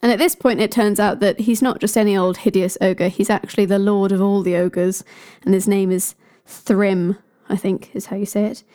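A woman's voice: mid-range voice, fairly even intonation, normal speed, mellow. A woman casually retelling a myth with chatty, jokey asides. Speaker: storyteller.

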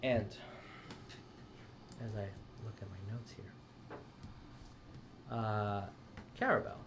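A man's voice: on the low side, fairly even intonation, background noise. A man narrating as dungeon master, often stopping and restarting his sentences. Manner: halting, full of restarts. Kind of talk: narrating a tabletop game.

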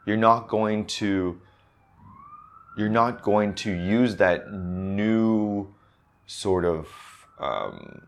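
Low-voiced man coaching accent practice. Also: drawn-out words, slight background noise. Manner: conversational, repeats words and restarts, says "right?" often. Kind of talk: casual instructional talk.

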